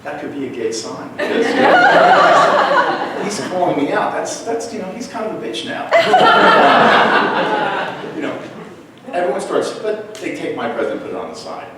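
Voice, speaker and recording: Animated man telling a story in an echoey room. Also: high-pitched, normal speed, long pauses, heavy background noise. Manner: animated, wry, mimics voices for punchlines. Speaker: storyteller at a live class show. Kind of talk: live personal storytelling. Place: small theater with an audience. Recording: echoey room recorded from far off.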